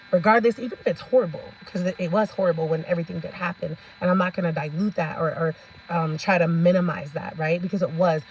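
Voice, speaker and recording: A woman's voice: fairly low pitch, a little hiss or hum, rough recording. A woman vlogger giving sassy, ranting commentary, laughing often and talking straight to her viewers.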